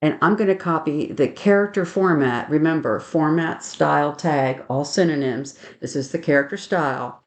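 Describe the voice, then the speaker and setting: A woman teaching a software webinar, methodically explaining each click aloud and adding firm opinions on good practice. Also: low voice, moderate pace, hardly any pauses. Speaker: software trainer. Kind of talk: screen-share webinar demonstration.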